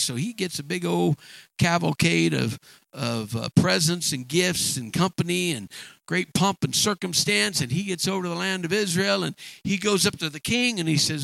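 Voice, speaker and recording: A man preaching a sermon in a halting, emphatic way, often repeating words. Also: a little high, creaky, a bit bright, dry recording, low-quality recording.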